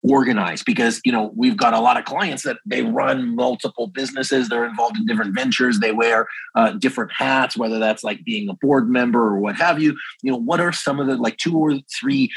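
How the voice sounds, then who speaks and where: Man, podcast host, interview questions, husky voice, dry close sound. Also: medium pitch, a little fast, hardly any pauses, a bit bright, no echo, rough recording. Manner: rambling questions with many fillers.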